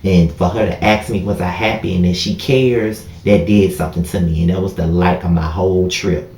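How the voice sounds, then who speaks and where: Deep-voiced man telling an emotional story. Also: fairly even intonation, moderate pace, a little mellow, a little hiss or hum. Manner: frequent "y'all" and "you know what I mean". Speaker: vlogger. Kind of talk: casual storytime vlog. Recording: echoey room.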